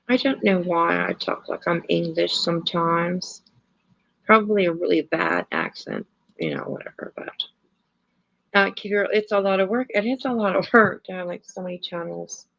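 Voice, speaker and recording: Woman streamer, gravelly and a bit low, rambling casual chat with fillers, lo-fi stream audio. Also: moderate pace, fairly bright tone. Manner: rambling, many fillers, laughs, swears. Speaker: livestream host. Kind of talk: casual livestream chat and commentary.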